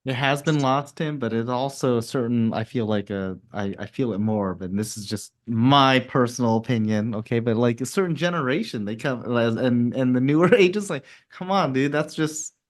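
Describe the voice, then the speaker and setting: A man's voice: mid-range voice, normal speed, few pauses. A man co-hosting a podcast, chatting casually and reflectively, hedging his opinions. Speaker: podcast co-host.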